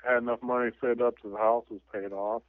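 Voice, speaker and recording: A man chatting casually and retelling scenes with lively laughter. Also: medium pitch, fast talker, dry recording. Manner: animated storyteller who laughs often and retells scenes. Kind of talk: casual chat. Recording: tinny radio transmission, dry.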